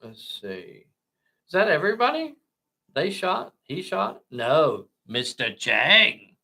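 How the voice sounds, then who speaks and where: A man whose first language is not English, narrating a tabletop miniatures game with slow, dramatic play-by-play. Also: a little high, wildly swooping pitch, vocal fry, sharp tone.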